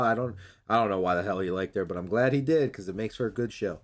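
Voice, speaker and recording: A man's voice: lowish voice, fast. A man chatting casually, swearing freely and acting out characters' lines as he recaps a show. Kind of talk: casual chat recapping an anime episode.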